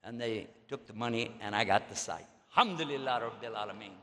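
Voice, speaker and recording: A man's voice: on the low side, quick pace, noisy background. An older man with a Texan accent, telling stories in a folksy, joking way to an audience as an Islamic preacher. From Texas. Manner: folksy, joking, drawling asides. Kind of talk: storytelling lecture to an audience. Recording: long echo of a large hall.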